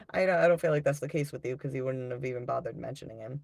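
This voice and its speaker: A woman in her thirties with a low voice hosts a casual livestream tarot reading. She talks bluntly, swears freely and breaks into laughter often, reading chat comments aloud. The sound is dry and close. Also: fast talker, gravelly, darkish tone, no echo. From United States. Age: 30s.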